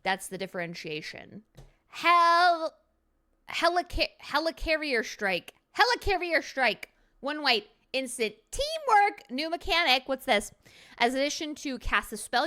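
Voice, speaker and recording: A woman's voice: on the high side, very animated, brisk, sharp tone. A woman streamer giving a casual card review at her computer, goofy and playful with silly jokes.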